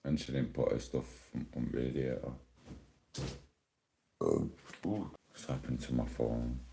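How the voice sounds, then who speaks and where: A man's voice: extremely low pitch, steady tone, unhurried, gravelly, warm tone, a little hiss or hum. A man on a casual live stream at home, rambling and complaining in an exasperated way, talking into a phone.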